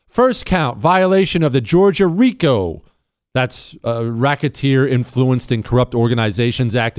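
Lively, sarcastic male talk radio host. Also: on the high side, dry recording, clean studio sound. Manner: sarcastic, animated storytelling.

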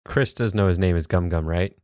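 A man playing in a tabletop game, answering in a deadpan way. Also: sits low, a little fast, no room sound, studio quality.

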